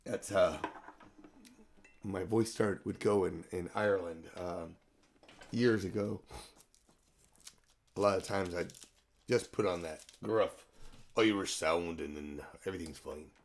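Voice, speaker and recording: A man hosting a live music stream, chatting casually between songs in an easygoing way that trails off into quiet, mumbled asides. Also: sits low, slow pace, pauses often. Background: acoustic guitar.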